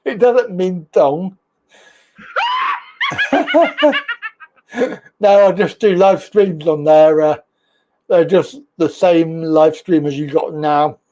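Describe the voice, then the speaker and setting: A man's voice: a little high, sing-song, takes it slowly, long pauses, dark tone. A man hosting a casual live-stream talk show, chatting loosely and greeting viewers from the chat as he reads their comments.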